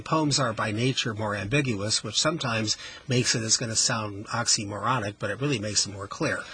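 A radio host with a very husky, raspy voice that still comes across bright and forceful. He talks in an emphatic, expressive way, explaining ideas like a playful teacher on air from the studio. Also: on the low side, rough recording. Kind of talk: on-air interview with students.

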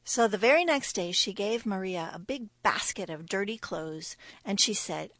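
A woman tells a folktale aloud, leaning into the story and slipping into hushed, whispered asides. Her voice has a gravelly, creaky edge, and the recording is dry and close with no room sound. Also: mid-range voice, expressive, moderate pace, hardly any pauses, dry recording. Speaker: storyteller guest. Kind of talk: oral folktale telling.

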